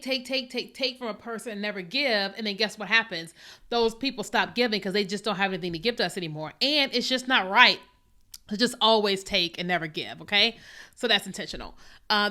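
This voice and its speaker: A woman's voice: medium pitch, pushed and bright. A woman podcast host telling personal stories in a casual, conversational faith talk, with lots of fillers and asides.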